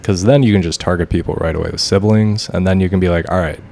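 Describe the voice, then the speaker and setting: A man's voice: low-pitched, steady tone, quick pace, gravelly, dark tone, slight background noise. A man hosting a casual chat, giving a comedian encouraging feedback and advice. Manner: encouraging, coaching. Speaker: host.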